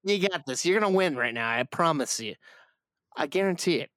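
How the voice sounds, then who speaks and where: Man, podcast host, casual joking chat, animated, higher voice, dry close sound. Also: brisk, no room sound.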